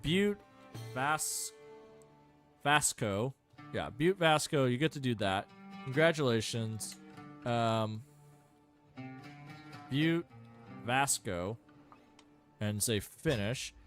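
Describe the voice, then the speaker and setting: A man talks through his strategy game in a loose, rambling way, full of fillers and self-mocking asides. His pitch jumps around a lot, and faint music plays underneath. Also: lively intonation, drawn-out words, long pauses. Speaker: gameplay streamer. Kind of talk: casual gameplay commentary.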